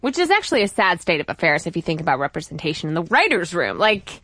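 Animated, opinionated woman podcast host. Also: lowish voice, quick pace, no echo. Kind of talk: casual chat.

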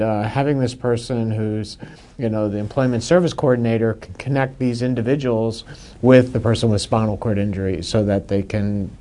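A man of ordinary pitch joins a panel discussion. He often pauses and restarts his phrases. His speech is loose and conversational. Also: a little mellow. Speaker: panel guest. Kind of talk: casual discussion.

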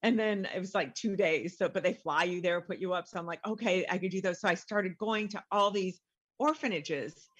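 A woman's voice: lowish voice, normal speed, fairly bright tone, husky, dull audio. A middle-aged woman, a guest author, telling her story in a casual interview and animatedly acting out the voices she quotes.

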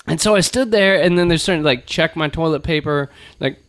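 A man's voice: fairly high pitch, brisk, a bit bright, dry recording, studio quality. Rambling crude-joking man. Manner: rambling storyteller, crude jokey humor. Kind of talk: casual chat.

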